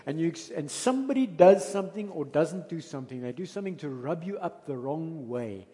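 Briskly and expressively, a South African preacher with a somewhat high, dark male voice recounts a story in his sermon. The delivery is conversational in South African English with emphatic bursts, heard through the long reverb of a church hall.

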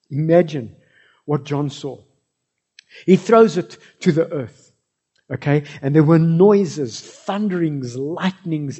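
A man with a South African accent preaching a sermon, swinging between loud cries and soft low asides. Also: husky, highs cut off. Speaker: pastor.

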